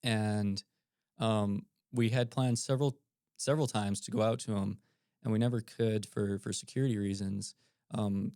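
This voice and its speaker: A man telling stories as a podcast guest, relaxed and animated, with the odd filler um. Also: on the low side, creaky, no room sound, clean studio sound. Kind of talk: casual storytelling.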